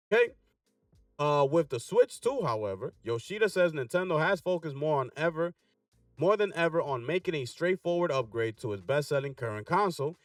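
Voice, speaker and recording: A man's voice: fairly high pitch, dry recording, recorded from a distance. Hyped gaming news man, dry room. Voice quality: energetic hype, frequent "right?" asides. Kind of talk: casual commentary reading articles.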